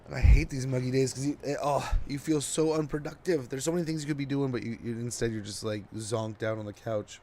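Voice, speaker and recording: A man's voice: medium pitch, fairly even intonation, brisk, few pauses, mellow, a little hiss or hum. A man streaming a strategy game, chatting casually and rambling to his viewers, sounding sleepy. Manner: chatty and rambling, talking to chat while playing. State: drowsy. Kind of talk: casual gameplay commentary.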